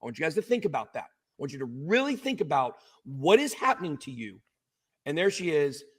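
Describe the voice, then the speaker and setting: Husky man pleading emotionally with viewers. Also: a little high, big pitch swings, fairly quick, a bit bright. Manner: emotional, insistent, repeats himself. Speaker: streamer. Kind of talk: livestream talk to viewers.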